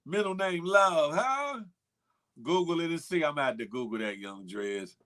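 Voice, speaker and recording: A man hosts a morning show, reading viewer comments in a slightly high, fairly bright voice that's animated yet a little slow. He chats casually, teasing viewers with slang and laughter.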